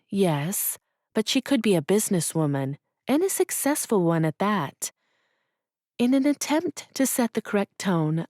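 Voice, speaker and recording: A woman narrates a sweet romance audiobook in a measured, expressive voice. Her tone is warm and mellow, sitting a little low, and the studio sound is close and dry. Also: no echo.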